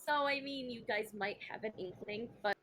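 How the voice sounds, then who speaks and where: A woman's voice: on the high side, moderate pace, fairly bright tone, poor audio. A woman playing in a tabletop game, talking hesitantly with many fillers. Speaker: player. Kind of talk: tabletop role-play chat.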